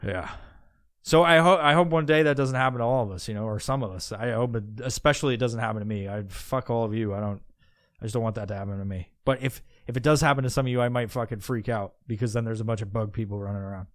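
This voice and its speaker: Podcast host, male, smooth clear voice, close dry mic, rambling and profane. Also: medium pitch, fast, no echo. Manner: rambling, profane, with many restarts. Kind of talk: casual rambling monologue.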